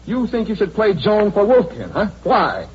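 An actor playing a forceful film director in an old radio drama, urgent and firm, on a dull hissy recording. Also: male voice, high-pitched, huge pitch swings, moderate pace. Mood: stern. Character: forceful male film director, commanding and intense.

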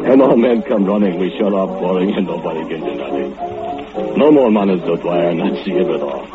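In an old-time radio drama, a male actor plays a drunken, murderous foundry laborer who talks in broken English and gloats with low chuckles. The recording is muffled, with music underneath.

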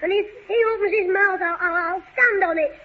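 A woman's voice: very high voice, fairly quick. A woman playing a wisecracking, bossy young lad. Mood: cheeky. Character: cheeky, quick-witted young London lad, Jim. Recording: dull old radio recording.

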